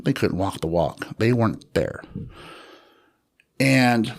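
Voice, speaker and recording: A man telling his personal story as an interview guest, in a reflective, unhurried way with pauses and fillers. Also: on the low side, lively intonation, vocal fry. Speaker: interview guest, author and researcher.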